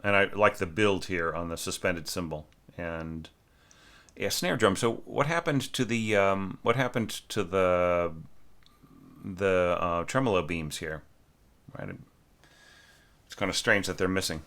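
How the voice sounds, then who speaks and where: A man with a low voice that still sounds forceful and bright, giving a casual critique of a student's orchestral score. He thinks aloud with plenty of fillers and sings rhythm patterns as nonsense syllables to make his point. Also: a little slow.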